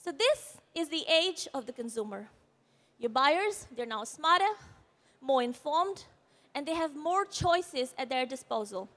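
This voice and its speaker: A woman with an Indian English accent and a high-pitched voice speaks from a conference stage. Her delivery is earnest and explanatory. She is shaken after an accident, and a slight quiver runs through her voice. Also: animated, a little slow, fairly bright tone. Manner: earnest, explanatory, with brief apologies. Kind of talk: presentation talk.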